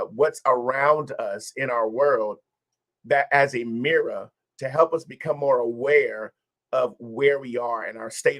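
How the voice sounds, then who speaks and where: Hosting a livestreamed wellness session, a man encourages viewers, speaks to them directly, and repeats key phrases. His voice sits at a medium pitch with a fairly bright tone.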